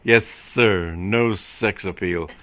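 A blunt, stubborn police sergeant played by a man speaking in a cold, measured way. The voice sits low, with a hard, bright edge. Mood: aggrieved. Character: gruff, stubborn middle-aged male police sergeant.

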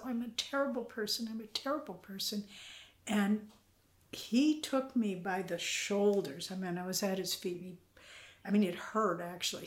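Older woman, mid pitch, soft earnest devotional storyteller, echoey room. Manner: gentle, earnest, devotional, at times whispery. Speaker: interviewee, spiritual community member. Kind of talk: reflective personal storytelling. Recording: roomy echo.

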